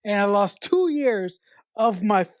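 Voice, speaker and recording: A woman's voice: medium pitch, animated, takes it slowly, darkish tone, no room sound, clean studio sound. A woman co-hosting a podcast, chatting casually about a film, emphatic and swearing as she speaks frankly about her own life. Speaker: podcast co-host. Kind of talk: casual film review chat.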